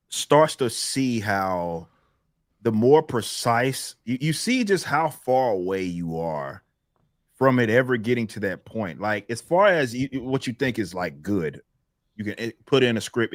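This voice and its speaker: A man with a lowish voice hosts a casual livestream panel. He talks in loose, halting runs, stopping and restarting his sentences. His mic sound is close and dry. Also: sing-song, dry recording. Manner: rambling, halting, many restarts. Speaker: stream host.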